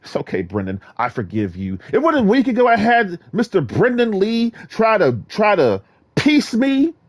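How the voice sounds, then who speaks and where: Animated trash-talking man from Virginia. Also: sits high, normal speed. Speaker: gaming vlogger. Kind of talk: casual ranting monologue.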